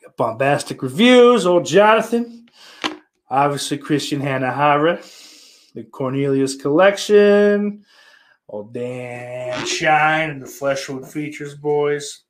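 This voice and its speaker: A man's voice: on the high side, slow pace, a little hiss or hum. A man hosting his own movie vlog in loose, profane, rambling chat, trailing off and restarting. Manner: profane, rambling, offhand, full of fillers. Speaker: channel host showing his movie purchases.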